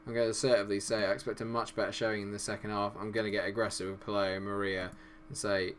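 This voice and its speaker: A man's voice: lowish voice, level tone, fast talker, slight background noise. A young man commentating casually on his own football management game, swearing freely and cheering and groaning at the action. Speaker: gaming YouTuber.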